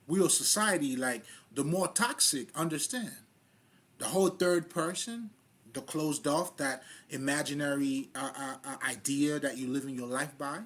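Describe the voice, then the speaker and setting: A man's voice: a little high, a bit bright, breathy edge. A man giving a loose, casual spiritual monologue in street slang, swearing freely and often laughing at himself. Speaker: spiritual vlogger.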